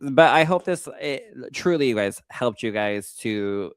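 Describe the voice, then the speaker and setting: Brief: young adult man, chatty podcast co-host, animated storyteller, dry close mic, mid pitch. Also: a little slow, smooth, dry recording. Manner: animated storyteller, acting out quoted lines. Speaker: psychic medium and podcast co-host. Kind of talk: casual chat.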